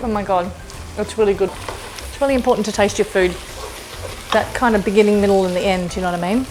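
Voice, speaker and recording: A woman's voice: medium pitch, fairly even intonation, quick pace. A woman hosting a casual cooking demonstration in her kitchen, chatty and gushing as she exclaims over the food. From Australia. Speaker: cooking show host, chef. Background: music and sizzling food.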